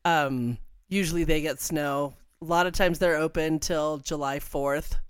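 A woman in casual chat, telling a lively story and laughing often. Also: low voice, measured pace, smooth, no echo, studio quality.

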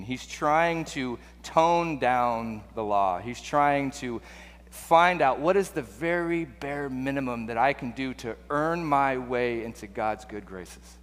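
A man's voice: medium pitch, takes it slowly. A man preaching a sermon in a conversational way, full of rhetorical questions and restarts. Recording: long hall reverb.

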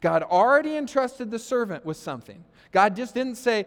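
A man's voice: very high voice, animated, a little fast. A man preaching a sermon as pastor, conversational, with sarcastic asides and frequent "okay?" checks. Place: church sanctuary. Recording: long hall reverb.

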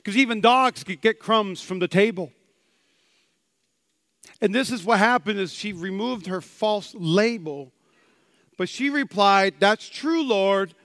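High-voiced animated male preacher. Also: a little slow, pauses often, dry recording, studio quality. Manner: animated preaching, acts out quotes with big swings in pitch and loudness. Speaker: pastor. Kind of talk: sermon.

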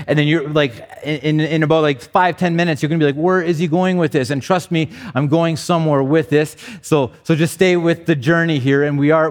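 A man's voice: fairly high pitch, big-room sound. A male pastor preaching a sermon in a conversational way, often repeating words as he goes.

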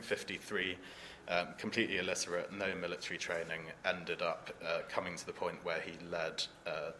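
A man's voice: low voice, sharp tone, a little hiss or hum. A man speaking as an author on a book fair panel, thoughtful and hesitant, with many ums and restarts.

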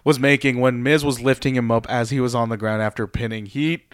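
A man's voice: mid-range voice, steady tone, brisk, clean tone, no room sound. Sarcastic man chatting, dry close sound. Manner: sarcastic, rambling, swearing. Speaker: podcast co-host. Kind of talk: casual chat.

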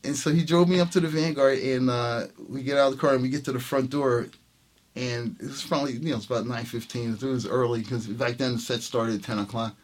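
A man, a jazz trumpet player, telling a story in casual conversation, acting out the dialogue and laughing often. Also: mid-range voice. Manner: animated, acts out quoted dialogue, laughs often. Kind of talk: casual anecdote in an interview.

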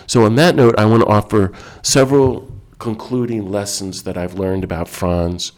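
Man, low voice, earnest, emphatic, reflective talk. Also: fairly even intonation, normal speed, a little mellow.

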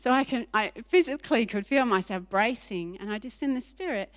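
Woman pastor, sermon, animated and emphatic, fairly high voice. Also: a little fast. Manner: animated, emphatic, repeats phrases for effect.

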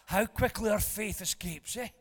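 High-voiced pastor in a reverberant hall. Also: male voice, normal speed, slight background noise. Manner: animated, jokey storyteller who swings between loud and hushed. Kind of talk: storytelling sermon. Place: church hall. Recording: long reverb of a church hall.

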